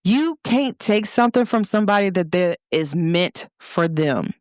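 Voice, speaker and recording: A woman from Cincinnati hosting her own show, talking casually and warmly to viewers, repeating points and calling them "y'all". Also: lowish voice, unhurried, dry recording, clean studio sound. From Cincinnati, Ohio. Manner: lively, repetitive, speaks directly to listeners with "y'all". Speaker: host. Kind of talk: casual motivational talk to viewers.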